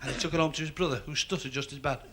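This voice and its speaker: Liverpool comedian telling jokes on stage. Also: male voice, a little high, steady tone, bright, forceful tone, a little hiss or hum. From Liverpool, England. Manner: brisk joke telling, voices stuttering characters. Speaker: stand-up comedian. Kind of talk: stand-up joke telling. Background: audience laughter.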